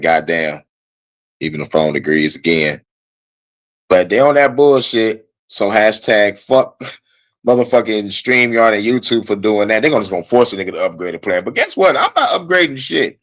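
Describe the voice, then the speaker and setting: Young male streamer, casual and cussing, animated frustrated rant. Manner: profane, animated, frustrated venting with swings in pitch and loudness. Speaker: podcast host.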